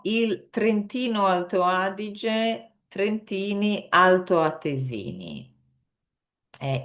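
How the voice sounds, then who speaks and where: Slow hesitant woman teacher. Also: low voice. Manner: slow, hesitant, many fillers, carefully pronounces Italian words. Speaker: Italian teacher. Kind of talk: online language lesson.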